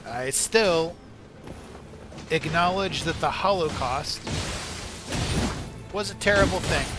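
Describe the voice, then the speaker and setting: A man's voice: fairly high pitch, slow. Man ranting profanely over game music. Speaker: game streamer. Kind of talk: casual live-stream commentary.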